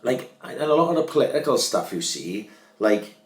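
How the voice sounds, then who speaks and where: A man's voice: mid-range voice, very animated, normal speed. A man, co-hosting a casual chat, blunt and full of swearing. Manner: blunt, heavy swearing, keeps asking "you know what I mean". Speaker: podcast co-host. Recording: roomy echo.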